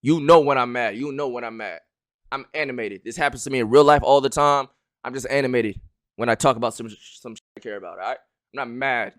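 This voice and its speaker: A young man streaming live, talking in an animated, loud way and swearing a lot as he argues his point. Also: medium pitch, a little fast. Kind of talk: heated casual chat on a live stream.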